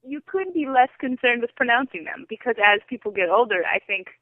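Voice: mid-range voice, expressive, fairly quick, no echo. A podcast co-host in casual chat, teasing playfully. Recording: tinny phone line.

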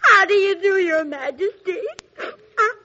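An actress playing young brides in an old radio play, one who giggles and one who weeps. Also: female voice, very high-pitched, measured pace. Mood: giggly tearful. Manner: giggling and tearful. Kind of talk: 1940s radio acting. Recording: muffled old radio recording, noisy.

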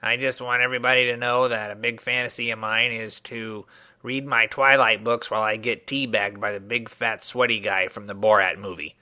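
A man's voice: lowish voice, flat delivery, moderate pace, bright, forceful tone, no echo. A man leaving a voicemail, putting on a crude, gleeful prankster voice. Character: crude prankster man mocking a podcast cohost. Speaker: voicemail caller. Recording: distant voicemail recording.

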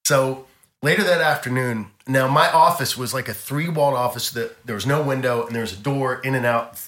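Enthusiastic man, bright tone, echoey room. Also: medium pitch, a little fast. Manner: rambling, self-correcting, enthusiastic storyteller. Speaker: interview guest, artist. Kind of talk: animated anecdote telling.

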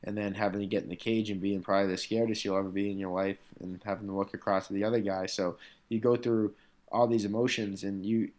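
A man's voice: on the low side, little pitch movement, fast, darkish tone. A man, a professional fighter, telling stories from his career in a loose, rambling way, full of "like" and "you know". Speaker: MMA fighter, interview guest. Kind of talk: casual storytelling in conversation.

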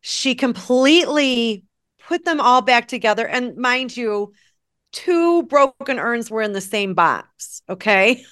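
Slow-talking woman telling a story. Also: on the high side. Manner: animated, acts out quoted dialogue. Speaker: guest sharing a story. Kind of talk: casual storytelling chat.

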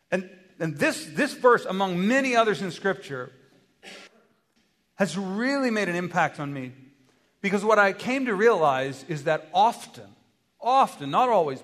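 A man preaching a sermon as pastor, animated, acting out dialogue and asking his listeners rhetorical questions. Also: sits high. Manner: animated, acts out dialogue with God in varied voices; asks the congregation rhetorical questions. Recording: long hall reverb.

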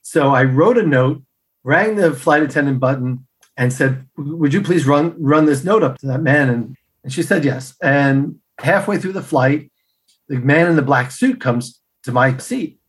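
A middle-aged man answers as a podcast guest, spinning his personal anecdotes with lively energy and acting out each line of dialogue. His voice sits a touch higher than most men's, and he keeps a relaxed, conversational storytelling flow. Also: unhurried.

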